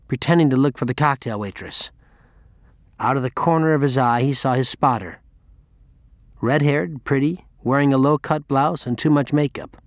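A man's voice: mid-range voice, no room sound. Guy reading a tense story, mid voice, dry close mic. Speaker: audiobook narrator. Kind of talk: scripted narration.

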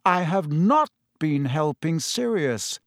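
Brief: a calm, tired middle-aged male teacher, read by a man, patient and measured, with a dry, close sound. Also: fairly high pitch, no echo, heavily acted.

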